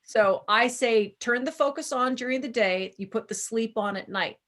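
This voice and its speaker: A woman with a slightly high voice talks casually over a video call, laughing often as she tells stories. She coaches listeners through steps in an easy, chatty way. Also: normal speed, fairly bright tone. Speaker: presenter guiding users. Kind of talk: casual chat.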